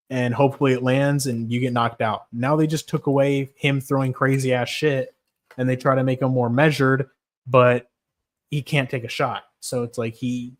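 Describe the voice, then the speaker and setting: A man on a casual livestream, talking about fights in a blunt, rambling, profane way. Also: medium pitch. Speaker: streamer.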